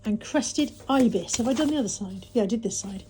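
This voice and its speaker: A woman's voice: fairly high pitch, lively intonation, brisk, mellow, slight background noise. A woman from England chatting casually to camera as a vlogger, self-mocking and muttering to herself as she goes through her post.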